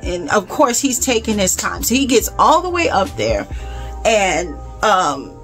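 A woman vlogger telling a story casually, animated and exasperated, with asides to her viewers. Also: mid-range voice, a little slow, soft background music. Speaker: home vlogger.

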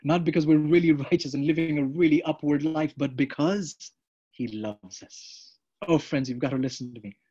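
A man preaching with rising fervor, his voice fairly high for a man and husky at the edges. He repeats key lines and keeps turning to the congregation as friends. The recording is dull and lo-fi. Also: normal speed, mellow. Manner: fervent, repeats lines, addresses listeners as friends. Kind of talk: sermon.

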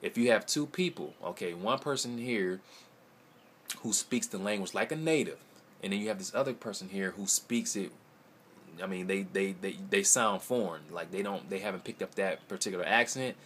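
A man with a lowish voice talks casually to the camera as a language-learning vlogger. He rambles and hesitates, fills gaps with ums and repeats his words as he gropes for a point. Faint background noise sits under his voice. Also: moderate pace, a bit bright. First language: English. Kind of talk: casual video response.

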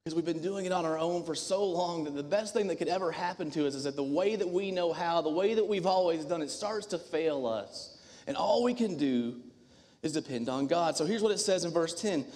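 A man preaching a sermon as the church's minister, earnest and emphatic, with dramatic pauses. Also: on the high side, a little mellow. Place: church sanctuary. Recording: long hall reverb.

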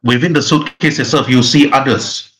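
A man's voice: mid-range voice, normal speed, a bit bright, a little hiss or hum, low-quality recording. A man narrating a tabletop role-playing game as game master, in long, rambling run-on sentences.

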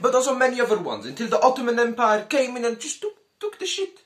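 Man, high-pitched, crude jokey history rant, profane, keeps saying comrades. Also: wildly swooping pitch, quick pace, fairly bright tone. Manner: crude, profane and joking, calls the audience comrades. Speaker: YouTuber. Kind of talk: comedic history commentary.

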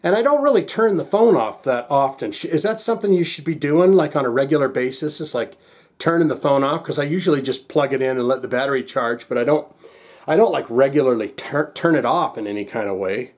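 A man's voice: mid-range voice, animated, brisk, darkish tone. A man hosting a casual reaction vlog, agitated and exasperated, rambling with lots of restarts and swearing. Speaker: music reaction channel host.

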